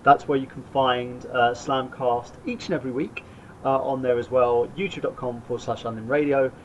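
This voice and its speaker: A man's voice: mid-range voice, normal speed. A man hosts a casual podcast and rambles through his plugs with plenty of fillers. The audio is dull and lo-fi, with a faint hiss underneath. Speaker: podcast host.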